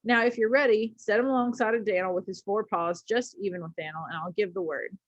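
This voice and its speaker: A woman's voice: medium pitch, a little fast, no room sound, close to an everyday voice. A sly, boastful frontier gambler talks in a drawling folksy way, as a woman reads him aloud from a storybook. The sound is dry and a little muffled, with no room around it.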